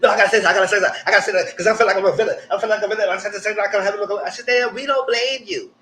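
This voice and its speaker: A young man, hosting a live reality TV recap in casual commentary with animated, exaggerated re-enactments. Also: sits high, rapid-fire, rough recording.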